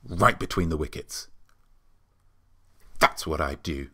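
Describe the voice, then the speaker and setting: Bright-toned man rambling comically. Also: extremely low pitch, slow pace. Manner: rambling, deadpan, with many filler ums. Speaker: show host. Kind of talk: comic monologue.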